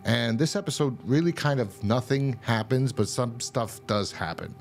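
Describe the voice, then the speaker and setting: A man's voice: medium pitch, lively intonation, normal speed, vocal fry, faint music behind. A man hosting a show, casually recapping a TV episode in a loose, rambling way, full of fillers and swearing. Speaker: show host reviewing a TV episode.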